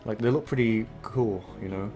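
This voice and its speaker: A man's voice: on the low side, moderate pace, dark tone, soft background music. A young Englishman casually commenting while streaming a video game, rambling and laid-back with plenty of filler. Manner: rambling, laid-back, swears and laughs a lot. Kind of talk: let's play commentary.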